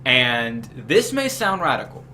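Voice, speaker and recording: Young guy guesting on a podcast, mid-pitched voice, earnest, explains his views at length. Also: big pitch swings, unhurried, bright, forceful tone, a little hiss or hum, poor audio. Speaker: podcast guest, new team member. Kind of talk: casual political chat.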